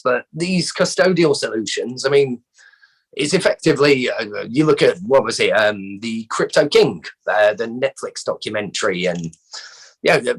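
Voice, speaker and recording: English guy hosting a crypto quiz, lively up-and-down voice, keeps tripping over his words. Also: medium pitch, husky, rough recording. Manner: chatty, stammering restarts, laughs often. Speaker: quiz host. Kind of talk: casual podcast chat.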